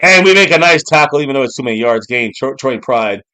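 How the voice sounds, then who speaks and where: A man hosting a live football watch-party stream, reacting to plays with excitement and frequent swearing. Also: medium pitch, fast. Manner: excitable, swears freely, shouts on big plays.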